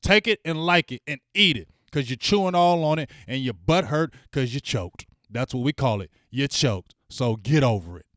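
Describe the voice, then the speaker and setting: A man hosting a fan channel, ranting bluntly and with plenty of swearing as he heckles rival fans and shouts out viewers in his live chat. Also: mid-range voice, animated, moderate pace, few pauses, dry recording, clean studio sound. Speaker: sports fan channel host.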